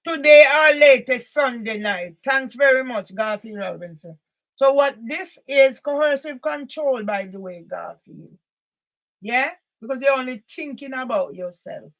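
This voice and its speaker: Woman, high voice, angry rant at one guy, keeps shouting bits out. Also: expressive, unhurried, vocal fry. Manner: angry and confrontational, repeated emphatic loud bursts. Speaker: author and campaigner. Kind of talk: ranting monologue addressed to one person.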